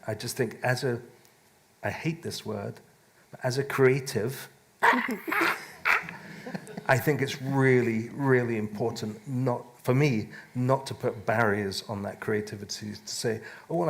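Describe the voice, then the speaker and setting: A man with a gravelly, creaky tone talks on a live panel. His speech wanders, full of restarts and little laughs. He sounds relaxed and unscripted. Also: medium pitch. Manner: rambling, self-interrupting, laughs often. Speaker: musician and author on a panel. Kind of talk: casual panel talk. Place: live event stage.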